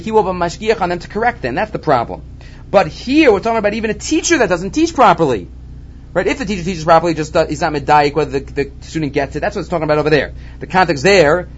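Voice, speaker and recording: Guy giving a talmud class, voice goes up and down a lot, kinda muffled dull recording w faint hiss. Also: on the high side. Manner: animated, repeats key points, mixes Hebrew and Aramaic terms. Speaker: Talmud teacher. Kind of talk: Talmud lesson.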